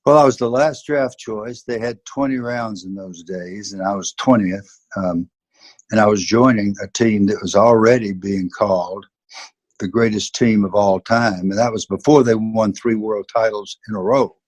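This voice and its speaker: Husky older man with a Southern accent. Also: fairly low pitch, steady tone, moderate pace, no echo. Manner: earnest, emphatic storyteller. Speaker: guest, former football player and coach. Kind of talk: interview, personal storytelling.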